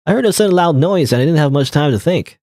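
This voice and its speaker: A man doing a chummy, smooth-talking young burglar. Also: on the high side, lively intonation, fast, a little mellow, no echo, studio quality, pitched above the performer's own voice. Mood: breezy. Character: friendly cocky young male burglar.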